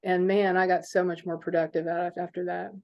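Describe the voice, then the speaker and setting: A woman's voice: on the low side, a little fast. Chatty middle-aged businesswoman, lo-fi sound. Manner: animated storyteller, chatty with fillers. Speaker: business owner guest. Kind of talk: conversational interview storytelling. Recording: dull lo-fi recording.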